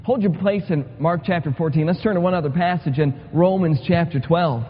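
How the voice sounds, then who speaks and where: A man's voice: a little high, fairly quick, slightly rough. A man preaching a sermon in a church, earnest and repetitive, pressing his points with rising urgency. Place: church sanctuary. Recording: muffled sound with long hall reverb.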